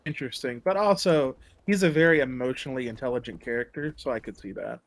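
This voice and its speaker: A man's voice: mid-range voice, fast talker. A man chatting casually while streaming a game, laid-back and musing, with a sarcastic streak. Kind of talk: casual gaming stream chat.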